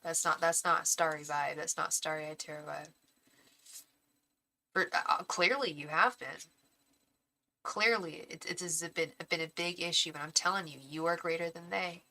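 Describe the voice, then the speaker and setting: Emotional, bright-voiced young woman streaming live. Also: deep voice, fairly even intonation, normal speed, vocal fry, long pauses, poor audio. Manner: earnest, defensive, reassuring, many restarts and stammers; calls viewers pet names like babe and honey. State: emotional, heart racing. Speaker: tarot reader streaming live. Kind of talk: live-stream chat with viewers.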